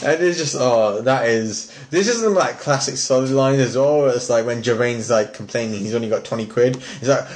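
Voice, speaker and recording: A British man co-hosting a relaxed film podcast, with a voice of ordinary pitch. He talks loosely and laughs a lot. He often slips into put-on voices to quote favourite comedy lines. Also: normal speed, hardly any pauses. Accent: British English. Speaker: podcast co-host. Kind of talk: casual film podcast chat.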